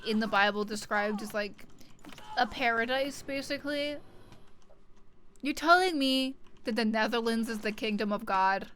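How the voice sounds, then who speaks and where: A woman streaming live, talking casually to her chat as she plays. Her voice is fairly high, and she rambles from topic to topic with irreverent jokes and loose swearing. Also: fairly bright tone.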